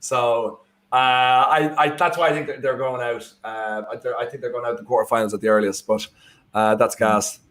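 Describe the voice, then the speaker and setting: A man's voice: mid-range voice, steady tone, moderate pace, a bit bright. A young Irish man co-hosting a live football watchalong, talking casually and rambling with lots of fillers. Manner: rambling, many fillers and restarts. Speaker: watchalong co-host.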